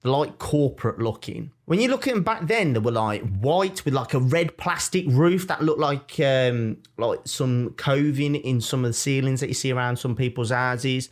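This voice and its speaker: A young man with a Birmingham accent, co-hosting a podcast in casual chat, animated and jokey as he tells stories. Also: medium pitch, moderate pace, few pauses. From Birmingham, England. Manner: animated, jokey storytelling with mock-defiant asides. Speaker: podcast co-host.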